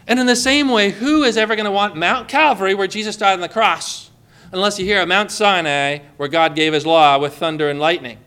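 A man's voice: high-pitched, fairly even intonation, a little fast, sharp tone, smooth. A man preaching a sermon, emphatic and acting out the people he quotes. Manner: emphatic, acts out quoted voices.

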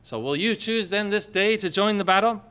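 Male preacher, high and bright, clear voice, dramatic emphatic sermon delivery. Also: moderate pace.

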